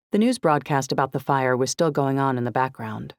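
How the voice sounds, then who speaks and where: A woman giving steady, measured first-person narration of a novel. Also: very deep voice, no room sound, studio quality. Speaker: audiobook narrator.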